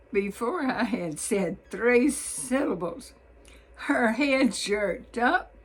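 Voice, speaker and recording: Slow-drawling Southern woman storyteller. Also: a little high, low-quality recording. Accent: Southern US (Mississippi). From Mississippi, US South. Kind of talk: personal storytelling.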